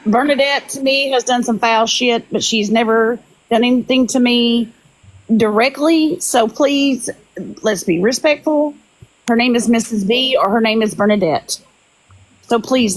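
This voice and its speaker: Woman, slightly high voice, firm, moderating a live stream. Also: poor audio. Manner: firm, calls for respect.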